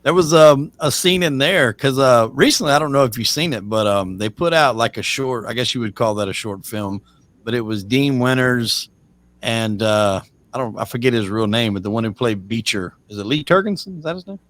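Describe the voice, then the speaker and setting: A man's voice: mid-range voice, expressive, normal speed, fairly bright tone, no echo. A man hosting a casual interview, asking questions in an easygoing way with lots of fillers like "um" and "like". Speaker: podcast host.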